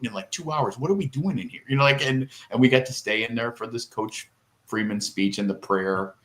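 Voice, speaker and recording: A man's voice: mid-range voice, steady tone, moderate pace, fairly bright tone. A middle-aged man co-hosting a podcast, telling a long, rambling, emotional story in casual chat and tearing up. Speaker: podcast co-host.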